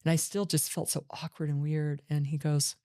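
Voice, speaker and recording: A woman's voice: sits low, flat delivery, moderate pace, mellow. A middle-aged woman hosting a podcast, telling her own life story in an earnest, reflective monologue. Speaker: podcast host.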